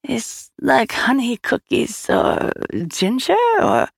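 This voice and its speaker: A small, sulky boy speaks in a high, lively voice, as a woman narrating a story puts him on. The reading is dry and close. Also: takes it slowly, creaky, slightly rough, dry recording, exaggerated voice. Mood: wondering. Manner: sulky, pouting. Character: small boy, protective of his sister.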